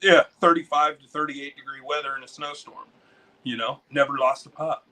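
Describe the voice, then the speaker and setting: An American man, a dog breeder and interview guest, telling stories in a rambling, excitable way full of swearing. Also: a little high, normal speed, distant mic, low-quality recording. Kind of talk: casual storytelling.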